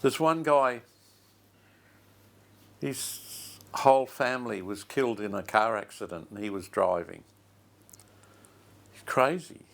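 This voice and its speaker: An older man, preaching a sermon as a pastor and telling a story slowly and with feeling, repeating his phrases. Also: mid-range voice, creaky, a bit bright.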